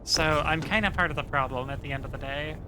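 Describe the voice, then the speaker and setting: A woman's voice: sits low, fast, noisy background. Chatty woman game streamer. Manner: relaxed, profane, rambling with many fillers. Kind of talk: casual stream chat reading viewer messages.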